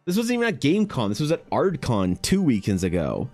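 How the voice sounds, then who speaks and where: A man's voice: medium pitch, big pitch swings, a little fast, darkish tone, soft background music. A young Canadian man chatting casually with his stream while he draws, rambling, swearing and laughing as he talks to chat. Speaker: artist streaming while drawing.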